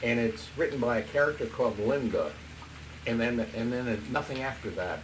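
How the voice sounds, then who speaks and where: A man telling a story in a casual monologue, excitable and swinging between hushed and loud. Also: mid-range voice, a little fast, far from the mic, background noise. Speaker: vlogger.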